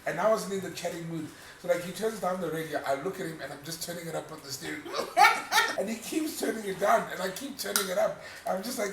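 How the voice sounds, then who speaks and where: Lively, quick-talking man in an echoey room. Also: sits high. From South Africa. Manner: animated storyteller, acts out quotes, swears. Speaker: podcast co-host. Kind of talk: casual chat. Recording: echoey room, mic at a distance, noisy.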